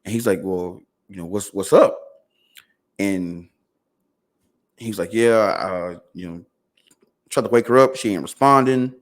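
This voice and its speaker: A man's voice: fairly low pitch, measured pace, pauses often. A man, a podcast guest casually telling a long personal story, full of fillers and repeated words. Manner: fillers and repeated words, quoting others in dialogue.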